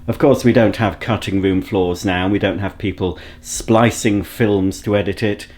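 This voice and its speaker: A man's voice: on the low side, fairly even intonation, moderate pace, a little mellow. A man chatting to a handheld camera at home in a rambling vlog, full of self-mocking asides. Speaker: vlogger. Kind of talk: casual solo vlog to camera. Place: at home, indoors. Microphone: handheld camera at arm's length.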